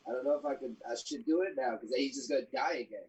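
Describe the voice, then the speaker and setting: A man's voice: medium pitch, quick pace, a little mellow, husky. A man playing a tabletop game, talking in a hesitant way. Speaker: player.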